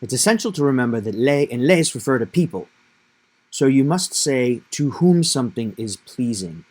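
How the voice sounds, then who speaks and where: A male Spanish teacher with a mid-pitched voice walks through a grammar point. He explains patiently and step by step, stressing key words for emphasis. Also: animated, normal speed, darkish tone.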